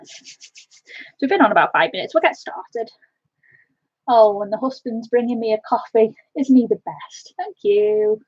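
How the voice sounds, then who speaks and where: Here a woman hosts a casual colouring stream from home, affectionately chatting and calling out viewers by name. She sounds husky and a little mellow, mid-range in pitch and expressive, talking at a normal speed. There's no echo, though the home stream audio is dull and lo-fi.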